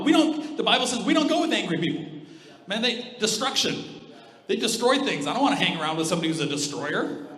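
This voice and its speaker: A man's voice: high-pitched, fairly bright tone. A man pastor preaching a sermon in a church, direct and emphatic with a joking streak. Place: church auditorium. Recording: echoey hall reverb.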